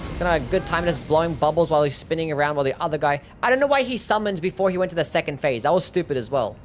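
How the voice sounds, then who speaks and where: Ranting male game streamer, lively pitch. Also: very fast, a little hiss or hum. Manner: frustrated, ranting, swears often. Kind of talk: live gameplay commentary.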